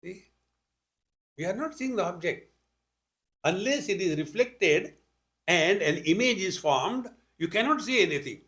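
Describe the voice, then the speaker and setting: A man's voice: sits high, lively intonation, measured pace, pauses often, a bit bright. An older man with an Indian accent giving a spiritual talk, telling stories with rhetorical questions and humorous asides. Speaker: spiritual teacher. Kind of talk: spiritual discourse to an audience.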